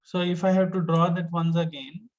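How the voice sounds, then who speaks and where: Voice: mid-range voice, fairly even intonation, normal speed, a little mellow, rough recording. A teacher, giving an online lesson step by step and patiently repeating each point.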